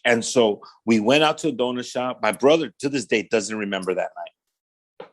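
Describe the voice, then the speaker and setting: Animated man telling his life story. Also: mid-range voice, moderate pace. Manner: animated storyteller who acts out quoted dialogue; casual street slang, often says "man". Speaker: pastor. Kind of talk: telling his testimony in a podcast interview.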